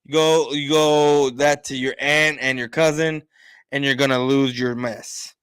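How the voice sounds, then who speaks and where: A man's voice: mid-range voice, steady tone, measured pace, fairly bright tone, clean tone, no echo. A man on a casual livestream, telling a family story bluntly and frankly, acting out the dialogue. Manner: self-described attitude, frank and profane. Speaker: show host.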